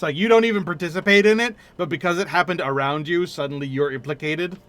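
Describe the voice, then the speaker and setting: A man's voice: on the high side, fast talker, fairly bright tone. A man streaming a role-playing game, chatting casually and laughing at himself. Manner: chatty, laughing, self-mocking.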